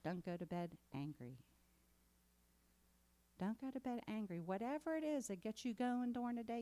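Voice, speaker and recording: A woman preaching a sermon in a conversational way that builds to emphatic exhortation. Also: mid-range voice. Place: congregation meeting hall.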